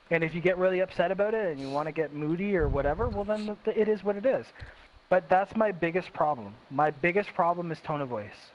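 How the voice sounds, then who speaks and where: A man with a fairly high voice talks in an emphatic, circling way, stressing the same points again and again. The sound is dull and lo-fi, with a faint hiss behind him. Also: fast talker. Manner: emphatic, repetitive self-reflection. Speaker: host. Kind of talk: casual chat.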